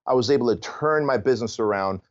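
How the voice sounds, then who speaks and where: A podcast guest speaks candidly and earnestly, recounting his own experience at a middle pitch. His voice comes through a dull, lo-fi line that takes the sparkle off the highs. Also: quick pace. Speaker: guest, author and business owner. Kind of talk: podcast interview.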